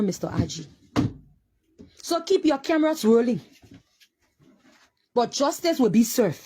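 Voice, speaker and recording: A woman's voice: fairly high pitch, warm tone, a little hiss or hum. A grieving Liberian mother giving an impassioned, accusing public statement, repeating her phrases and close to tears.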